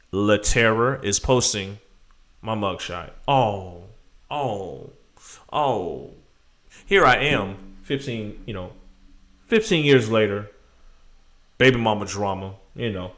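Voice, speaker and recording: A man hosts a live stream with rambling, animated commentary aimed straight at his viewers. His pitch leaps around a lot, and his voice has a bright, forceful edge.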